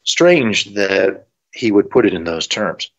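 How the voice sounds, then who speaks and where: A man's voice: fairly low pitch, lively intonation, slow, creaky. A man teaching about the Bible in a conversational way, thinking aloud with fillers, on a dull lo-fi recording. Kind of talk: explanatory Bible teaching talk.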